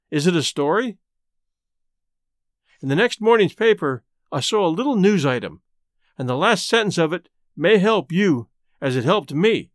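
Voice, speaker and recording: A man who hosts a podcast, narrating a classic short story in a measured, unhurried way. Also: a little high, dry recording, studio quality.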